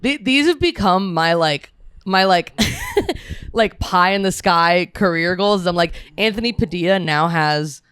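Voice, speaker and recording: A young woman telling stories in casual chat, rambling with lots of fillers and slipping into quick put-on voices. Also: fairly low pitch, expressive, fairly bright tone, smooth, dry recording.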